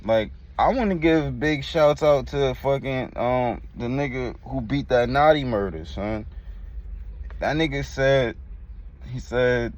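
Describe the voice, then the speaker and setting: A man's voice: medium pitch, takes it slowly, dull audio. A man hosting a reaction video, giving blunt, slang-heavy commentary. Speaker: reaction host. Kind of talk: casual commentary.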